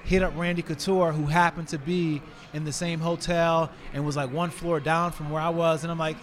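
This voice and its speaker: A man in his forties, a retired fighter, tells stories as a podcast guest in an animated, casual way, with many fillers. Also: a little high, normal speed. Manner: animated, filler-heavy, acts out scenes with raised voice. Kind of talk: casual storytelling in conversation.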